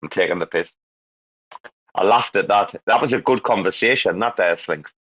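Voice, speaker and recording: A man's voice: sits low, moderate pace, fairly bright tone, lo-fi sound. A man hosting a casual live audio chat, joking and swearing, calling guests darling. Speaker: host.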